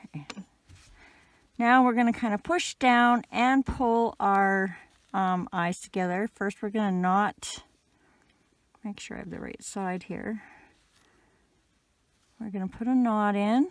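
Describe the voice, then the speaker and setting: Gentle woman teaching crochet, dry sound. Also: medium pitch, steady tone, takes it slowly, long pauses, no room sound. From Canada. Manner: gentle, patient, with fillers like "um". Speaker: crochet instructor. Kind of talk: casual step-by-step tutorial.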